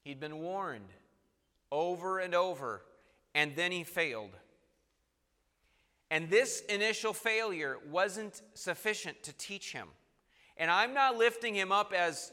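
A man preaching a sermon, reading scripture aloud and swinging between loud emphasis and quiet, soft passages. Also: on the high side, long reverb tail.

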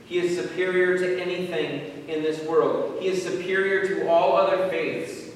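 A man preaches a sermon from a distance in a large hall, his fairly high voice trailing off in long reverb. He slows down and pushes loud for emphasis, and he reads scripture in old-fashioned wording. A faint room hum sits under him. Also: level tone. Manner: rises from hushed earnest questions to loud slow emphatic preaching. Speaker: pastor.

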